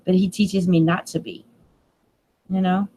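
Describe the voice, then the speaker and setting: A woman's voice: on the low side, little pitch movement, measured pace, mellow, a little hiss or hum. A middle-aged woman, mother of grown children, hosting a casual live stream, rambling, emotional and laughing often. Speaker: channel host.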